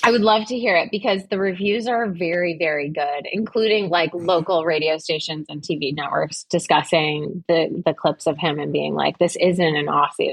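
Low-voiced woman, gushing podcast guest. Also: gravelly, slightly rough, dry recording. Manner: enthusiastic, effusive. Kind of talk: casual interview chat.

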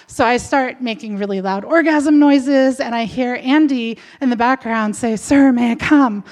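A woman's voice: fairly high pitch, normal speed. A woman telling a personal story in a candid, chatty way, full of fillers.

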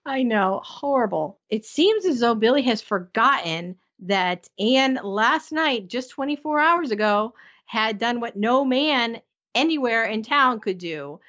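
A woman's voice: fairly high pitch, animated, unhurried, a bit bright. A woman co-hosting a podcast in casual chat, easygoing and laughing often. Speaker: podcast co-host. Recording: dull lo-fi audio.

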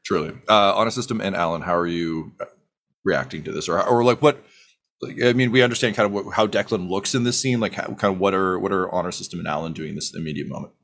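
A man running a tabletop game, narrating in a halting way and filling pauses with ums and uhs. His voice sits somewhat low. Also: gravelly, a bit bright. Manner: halting, many fillers. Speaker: game master.

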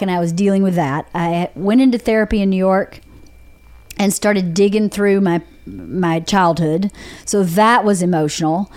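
A podcast host from Georgia, USA, a Southern woman with a mid-range voice, tells candid stories in casual chat. She animates them with put-on quotes.

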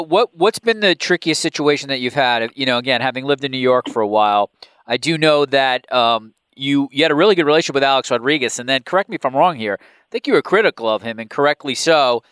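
A man's voice: mid-range voice, animated, brisk, fairly bright tone, clear, resonant tone, no room sound. A man interviewing a guest, asking long, carefully built questions.

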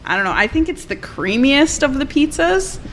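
A woman's voice: high voice, big pitch swings, normal speed, a bit bright, slight background noise, rough recording. A woman who owns a cafe and cooks there, chatting with enthusiasm about her food and laughing often on a food show. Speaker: cafe owner and cook. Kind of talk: casual chat on a food show. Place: restaurant.

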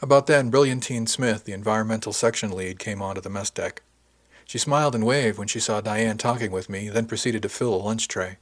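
Husky guy reading an audiobook, steady first-person narration. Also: fairly low pitch, brisk.

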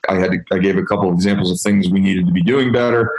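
A man in his fifties, a guest in an interview, telling candid stories about his career in an animated way. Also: low voice, very fast. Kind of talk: storytelling interview answer. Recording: echoey room.

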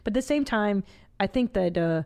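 A woman's voice: mid-range voice, animated, moderate pace, darkish tone. A woman in her forties hosting a podcast, blunt and swearing freely as she rants. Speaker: podcast host. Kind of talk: casual podcast chat.

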